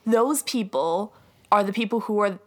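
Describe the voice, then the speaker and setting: A young woman from Canada, a podcast guest chatting over a video call, telling animated stories with lots of "like" and laughter. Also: mid-range voice, moderate pace. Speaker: guest, TikTok creator. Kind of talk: casual podcast chat. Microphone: remote video call.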